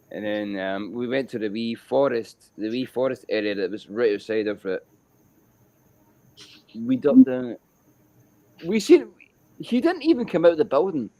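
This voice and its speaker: A man with a Scottish accent telling a story in a casual chat, animated and repetitive and swearing freely. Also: medium pitch, a little hiss or hum, rough recording.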